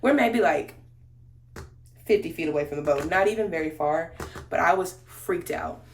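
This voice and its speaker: A woman's voice: low-pitched, normal speed, slight background noise. A woman beauty vlogger telling a story in casual, slangy chat while she does her makeup, talking straight to her viewers. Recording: roomy echo.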